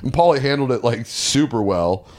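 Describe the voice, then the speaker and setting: A young male comedian at an ordinary middle pitch, chatting casually. He tells stories with energy and jumps into the voices of the people he quotes. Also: moderate pace. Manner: animated storyteller acting out quotes. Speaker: comedian guest. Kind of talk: casual storytelling chat.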